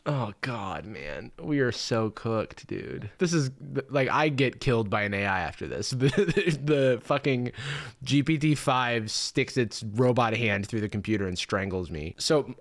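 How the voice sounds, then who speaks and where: A man in his thirties hosting a commentary video, reading online posts aloud with sarcastic asides and jumping into high, mocking voices for the quotes. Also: animated, measured pace, a bit bright.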